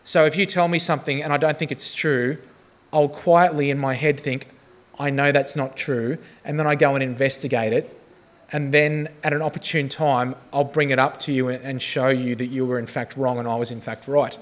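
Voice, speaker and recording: A man's voice: mid-range voice, fairly even intonation, brisk. A man preaching a sermon, mixing self-deprecating stories and humour with earnest appeals. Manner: humorous, self-deprecating storytelling. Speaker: pastor.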